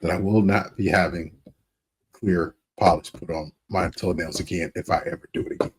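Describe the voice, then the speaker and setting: A man in his fifties with a husky, somewhat low voice co-hosts a podcast. He talks in an unhurried, candid way, full of fillers and asides. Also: steady tone. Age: 50s. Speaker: podcast co-host. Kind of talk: casual chat.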